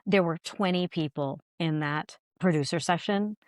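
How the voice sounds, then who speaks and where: Middle-aged actress guest, low-pitched, earnest and lively anecdotes, close dry mic. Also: female voice, normal speed, no echo. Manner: earnest, animated when telling stories. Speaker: actor guest. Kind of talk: conversational interview storytelling.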